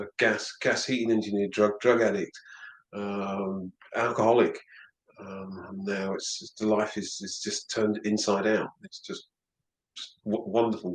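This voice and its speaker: Halting man in a roomy space. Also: fairly low pitch. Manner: halting, repeats words often. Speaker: interview guest. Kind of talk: casual reflective conversation. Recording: roomy echo.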